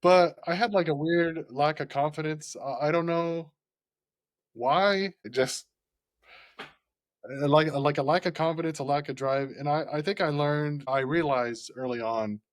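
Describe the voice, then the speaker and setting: A man's voice: on the high side, unhurried, dry recording, studio quality. A man chatting casually on a podcast, rambling and often laughing, with lots of "like" in his speech. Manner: rambling and laughing, heavy use of "like".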